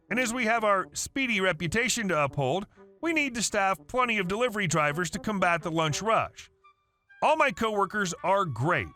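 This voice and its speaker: Bright, lively male story narrator. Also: sits high. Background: faint background music.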